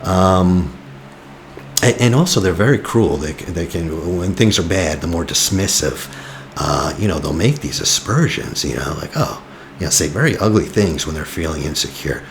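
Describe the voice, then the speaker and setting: A man's voice: low voice, expressive, moderate pace, a little hiss or hum. A man talking as a relationship coach in casual, blunt advice, often tossing in "you know". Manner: blunt and teasing. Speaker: attachment coach.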